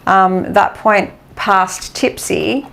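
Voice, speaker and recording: A woman guesting on a casual podcast. She talks slowly and haltingly, with a gravelly, creaky edge to her voice. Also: medium pitch, fairly bright tone. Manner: hesitant, halting. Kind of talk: casual chat.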